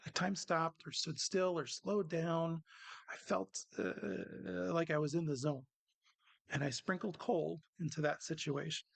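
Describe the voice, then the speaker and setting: A man's voice: on the high side, steady tone, measured pace, gravelly, breathy edge, dry recording. A man speaking earnestly at a worship service, sharing a personal reflection with self-deprecating humor. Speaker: lay speaker giving a reflection.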